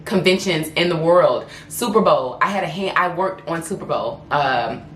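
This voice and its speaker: A low-pitched woman shares her story candidly and with feeling, restarting her sentences as she goes. She is recorded in an echoey room. A faint ambient hum sits behind her. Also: animated, moderate pace, a bit bright. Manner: candid, emotional, restarts often. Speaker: lifestyle blogger and influencer. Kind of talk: personal vlog storytelling.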